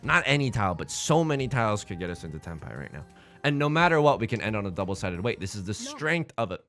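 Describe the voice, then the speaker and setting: Excitable young man commentating a game. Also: fairly low pitch, fast, soft background music. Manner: excitable, self-deprecating, rambling with repeated words. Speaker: let's play host. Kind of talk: casual gameplay commentary.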